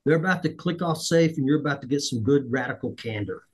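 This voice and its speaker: A middle-aged man hosting a podcast, telling a story in a lively way, acting out the dialogue and poking fun at himself. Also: mid-range voice, fast talker, breathy edge, low-quality recording. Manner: animated, acts out dialogue, self-deprecating. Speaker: podcast host. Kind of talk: conversational storytelling.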